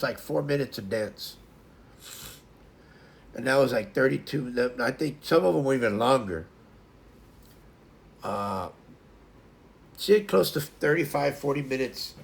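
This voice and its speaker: A man hosts a relaxed morning stream with a gravelly, creaky edge to his voice at an ordinary middle pitch. He rambles loosely and often trails off and restarts his sentences. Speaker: livestream host. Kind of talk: casual morning chat to viewers.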